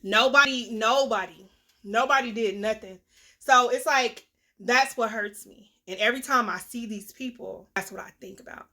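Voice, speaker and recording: A young woman, venting bluntly and with profanity in a candid vlog, her voice swinging from loud to a low mutter, with a cough now and then. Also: moderate pace. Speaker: vlogger, self-styled life coach. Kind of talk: candid talking-to-camera vlog.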